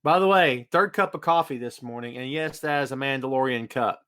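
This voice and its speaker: A man's voice: mid-range voice, brisk, fairly bright tone, clear, resonant tone. A man hosting a casual live-stream podcast from his home studio, chatting and greeting viewers by name. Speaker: podcast host.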